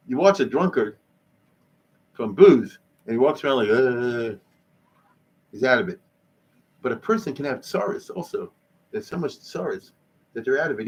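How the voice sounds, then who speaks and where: A male rabbi teaching Jewish history in a lively, conversational lecture, explaining Hebrew terms as he goes. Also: mid-range voice, slightly rough.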